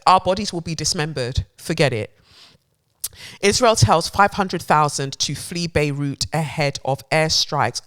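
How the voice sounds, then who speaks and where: A woman hosts a news-commentary podcast. She reads headlines aloud, then riffs on them in sarcastic, animated bursts. Her swearing comes easily, and her voice sits at a middling pitch. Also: normal speed. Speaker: podcast host.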